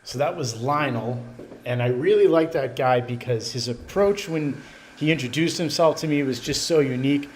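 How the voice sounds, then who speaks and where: A man's voice: medium pitch, normal speed, faint music behind. A man giving an enthusiastic, chatty walkthrough of a car dealership showroom. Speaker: car vlogger. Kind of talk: casual walkthrough narration.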